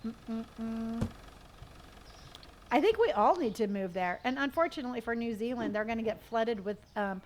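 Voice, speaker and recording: A woman's voice: a little high, animated, fast talker, few pauses. A middle-aged woman chatting casually on a live stream while she plays, reading viewer comments aloud and humming to herself. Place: at home.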